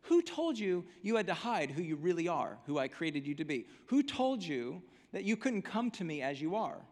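A man's voice: high voice, big pitch swings, normal speed, a little mellow, long reverb tail, pitched above the performer's own voice. A man preacher voicing an angry God who fires impassioned questions at a hiding man. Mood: indignant.

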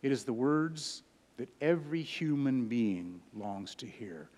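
A pastor in his sixties preaching a sermon, swinging from loud emphatic peaks down to hushed low phrases. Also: expressive, a little slow. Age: 60s. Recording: hall reverb.

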